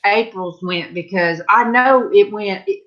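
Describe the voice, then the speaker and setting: A woman's voice: mid-range voice, measured pace, fairly bright tone. Middle-aged woman host, chatty and rambling, heard through dull lo-fi video-call audio. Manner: rambling storyteller, trails off with fillers and restarts. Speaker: host of a live panel chat. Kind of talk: casual chat.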